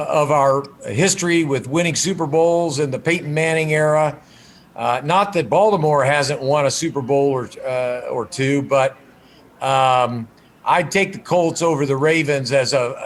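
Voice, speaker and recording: A man speaking as a mayor in an interview, friendly and rambling with many hesitations. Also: medium pitch. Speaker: big-city mayor, interviewee. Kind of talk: relaxed interview banter.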